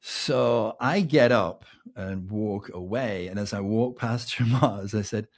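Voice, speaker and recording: Husky-voiced Englishman telling a story. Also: on the low side, slow. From England. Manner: animated anecdote telling, keeps adding "right?", laughs between lines. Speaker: podcast host. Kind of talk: casual storytelling monologue.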